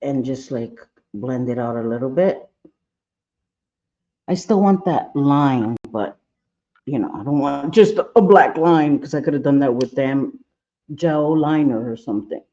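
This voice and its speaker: A man's voice: mid-range voice, expressive, unhurried, pauses often, warm tone, highs cut off. A man hosting a casual makeup tutorial livestream, chatting playfully and scolding his own eye and brush aloud as he works. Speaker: makeup vlogger.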